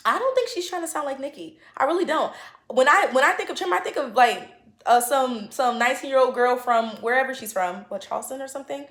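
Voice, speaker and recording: A woman's voice: high voice, expressive, fast talker, fairly bright tone, roomy sound. A woman vlogger giving her opinions in a casual chat to camera, with lots of fillers and restarts.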